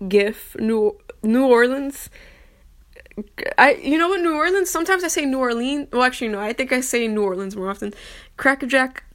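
A young woman in casual vlog talk, chatty and self-deprecating, often stumbling as she reads aloud. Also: a little high. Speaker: vlogger. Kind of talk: casual chat, reading aloud.

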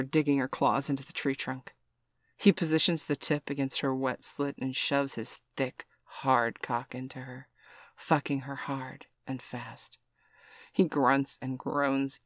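A man reading an adult story aloud in a slow, soft, even voice. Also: medium pitch, dry recording. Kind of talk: scripted adult story narration.

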